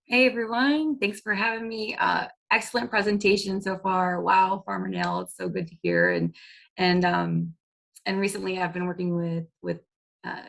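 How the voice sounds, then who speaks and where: A woman's voice: medium pitch, normal speed, creaky, fairly bright tone. A woman, an environmental organizer speaking casually on a panel, with many fillers. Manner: casual, filler-heavy advocacy talk. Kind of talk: online panel talk.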